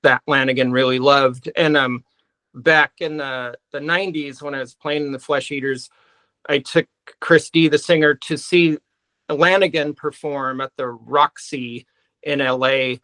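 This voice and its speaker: A man, a guest musician, answering in a halting way full of pauses and restarts. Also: mid-range voice, steady tone, sharp tone, no room sound, low-quality recording. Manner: halting, many fillers and restarts. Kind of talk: casual interview chat.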